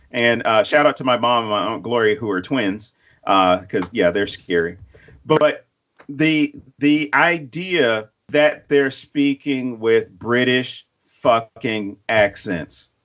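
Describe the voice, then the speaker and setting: A man in the middle of his range, co-hosting a podcast with animated, profanity-laced storytelling. He often slips into other voices for quotes, then drops his pitch low for punchlines. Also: takes it slowly. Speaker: podcast co-host. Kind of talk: casual chat.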